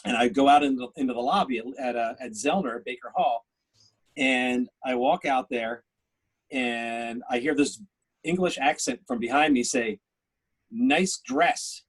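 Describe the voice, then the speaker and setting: A man with a husky, mid-pitched voice who recounts stories in a relaxed way and pokes fun at himself. He sounds like an easygoing guest chatting with friends. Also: normal speed, rough recording. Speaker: festival co-founder guest. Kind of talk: casual anecdotal storytelling.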